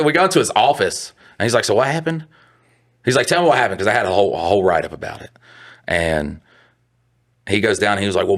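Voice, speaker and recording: A man's voice: on the low side, fairly bright tone. A young adult man co-hosting a podcast, rambling through a profane work story in casual chat. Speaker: podcast co-host.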